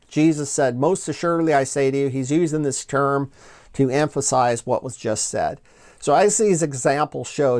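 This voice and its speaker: A man's voice: mid-range voice, a little mellow. A man hosting a Bible study video, explaining passages in a methodical way, reading quotes aloud and repeating his key points. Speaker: Bible teacher and channel host. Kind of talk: scripted Bible study lecture.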